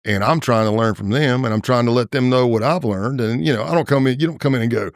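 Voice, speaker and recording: Man, gravelly voice, dry close mic, casual storytelling interview, animated, acts out quotes. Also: mid-range voice, fast, hardly any pauses, dry recording. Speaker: former FBI agent, podcast guest.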